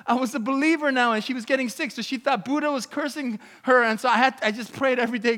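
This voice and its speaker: Male pastor preaching, bright and forceful, not a native English speaker, shifts between loud and hushed. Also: extremely high pitch, fast, few pauses, long reverb tail. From Canada. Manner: swings between loud exclamations and hushed storytelling. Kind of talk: sermon with personal testimony.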